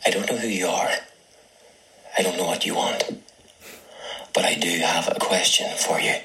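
A man doing an impression of a menacing tough guy in a voice note, slow and half-whispered. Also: deep voice, low-quality recording. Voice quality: hushed, half-whispered delivery. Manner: slow, deliberate, threatening. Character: menacing gravel-voiced man making threats.

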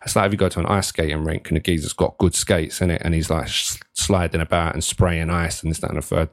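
A man's voice: sits low, little pitch movement, fast, hardly any pauses, no echo, clean studio sound. A young man hosting a solo podcast, rambling casually, swearing freely and often restarting his sentences. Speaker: podcast host.

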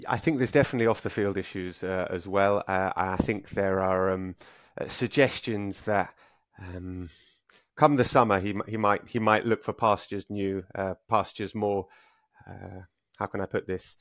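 A football podcast co-host with a lowish male voice, recorded dry and close. He tells stories with energy, circling back with "uh" and restarts as he goes. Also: normal speed, no echo. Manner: lively storytelling, frequent "uh" and restarts. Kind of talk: casual football podcast chat.

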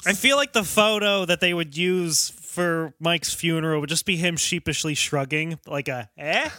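A man with a high, bright voice co-hosts a casual comedy podcast. He keeps teasing his friends with dry jabs. The recording sounds dry and close. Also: moderate pace, dry recording. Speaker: podcast co-host.

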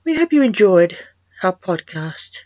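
A woman's voice: medium pitch, big pitch swings, unhurried, darkish tone, dry recording. Woman host reading her own spooky stories. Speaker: podcast host, poet and author. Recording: dull lo-fi dry recording.

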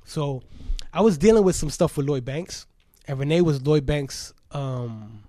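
A man with a New York accent tells stories from his past as an interview guest. He sits high in his range and acts out every voice he quotes. The sound is close and dry, with no room around it. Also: a little slow, no room sound. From the Bronx, New York. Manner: animated storyteller, acting out quotes with laughter. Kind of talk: casual storytelling interview.

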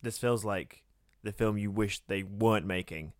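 A man's voice: fairly low pitch, moderate pace, a little hiss or hum. A man co-hosting a podcast, adding dry sarcastic quips in casual political chat. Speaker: podcast co-host.

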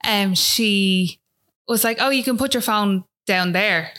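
An Irish woman speaks as a guest on a talk show. She tells a personal story in an easygoing, chatty way and keeps checking in with the listener. Her voice sits at a middle pitch for a woman. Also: unhurried, sharp tone. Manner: chatty, fills talk with "like" and "do you know what I mean".

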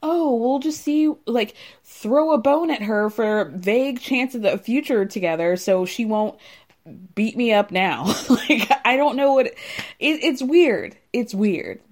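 A woman chatting through a reality show recap, voice sitting a bit high. She talks animatedly, breaking into laughter and acting out what people said. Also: a little slow. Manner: animated, laughs often, acts out quotes. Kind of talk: casual chat recapping a show.

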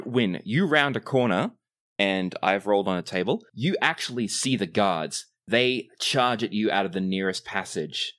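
A man running a tabletop game as game master, narrating scenes in a measured, descriptive way. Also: deep voice, fairly bright tone.

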